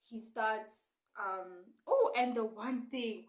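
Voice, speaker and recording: A woman in a casual book review vlog, animatedly retelling a story's plot with sudden loud bursts. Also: medium pitch, slow, reverberant, low-quality recording.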